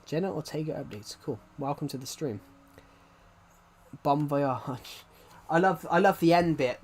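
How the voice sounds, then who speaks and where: A man's voice: a little high, a little slow, soft background music. Rambling young man streaming games. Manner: rambling, frequently restarting sentences. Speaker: game streamer. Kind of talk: casual live-stream chat while playing.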